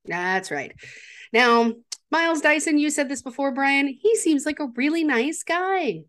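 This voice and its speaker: A woman's voice: sits high, measured pace. A woman co-hosting a podcast, eagerly retelling film scenes and acting out the characters' lines. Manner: enthusiastic, animated storytelling with acted-out quotes. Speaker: podcast co-host. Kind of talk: casual movie recap chat.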